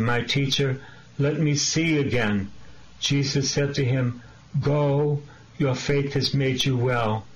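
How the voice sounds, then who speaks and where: A male priest delivers a sermon at a deliberate, unhurried pace, earnest and emphatic. The recording sounds dull and lo-fi, with a faint hiss underneath. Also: mid-range voice. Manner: slow, earnest preaching with emphatic questions.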